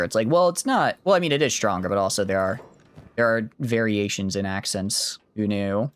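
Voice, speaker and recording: A man's voice: fairly low pitch, moderate pace, smooth. A man with a mild Southern US accent gives casual gameplay commentary as a streamer, rambling and often correcting himself. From Southern United States. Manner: rambling, self-correcting, chatty. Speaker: game streamer.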